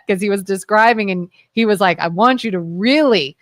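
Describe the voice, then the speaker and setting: A woman co-hosting a local talk radio show, telling rambling, animated stories in casual chat. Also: a little high, fairly quick, few pauses, no echo, studio quality. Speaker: co-host.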